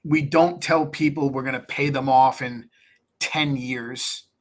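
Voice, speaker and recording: A man's voice: mid-range voice, steady tone, measured pace. A man being interviewed on a live stream, coaching investors in a blunt, plain-spoken way and acting out talks with sellers. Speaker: real estate investor guest.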